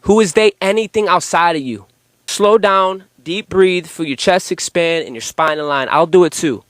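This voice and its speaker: A young man giving an intense, profane spiritual monologue to his viewers, swinging between fast ranting and slow, emphatic lines. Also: high-pitched, a bit bright, slight background noise. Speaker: spiritual content creator.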